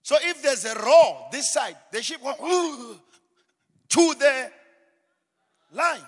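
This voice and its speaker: A man preaching a sermon in a dramatic style, acting out scenes and building to shouted refrains. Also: extremely high pitch, very animated, unhurried, breathy edge. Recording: long hall reverb.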